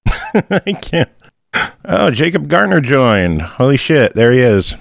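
A man's voice: mid-range voice, big pitch swings, slow pace, gravelly, no room sound. A man hosting a casual podcast, talking with a heavy lisp through a toothless mouth and joking crudely. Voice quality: lisping, mumbled from missing teeth. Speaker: podcast host.

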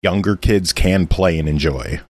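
Low-voiced guy chiming in on a game review, dry teasing, dead close sound. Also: unhurried, no room sound. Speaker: podcast co-host. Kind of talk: casual review chat.

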